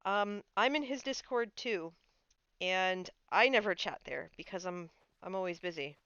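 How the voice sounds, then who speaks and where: Playing a game on stream, a woman tells chatty stories laced with frequent fillers. She speaks a little slowly at medium pitch, her tone clean and a bit bright, in a muffled recording without echo.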